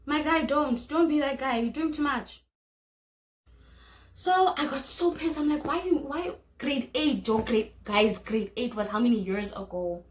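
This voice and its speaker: A woman's voice: sits high, measured pace. A young South African woman with a South African accent, telling a personal story on her vlog and acting out what others said. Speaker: vlogger. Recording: echoey room.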